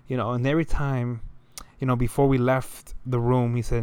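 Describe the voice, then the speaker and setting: A man's voice: medium pitch, level tone, fairly quick, a little mellow, smooth, no room sound. A young man telling a story in a loose, rambling way, full of slang and fillers. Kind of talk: casual storytelling monologue.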